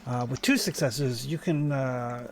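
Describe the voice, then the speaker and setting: A man's voice: medium pitch, unhurried, slight background noise. A man narrating a tabletop role-playing game as game master, in a loose, rambling way full of fillers.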